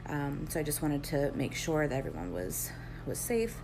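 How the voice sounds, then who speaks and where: A mother telling an earnest, measured story and quoting dialogue in a casual storytime. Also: low voice, huge pitch swings, vocal fry, background noise.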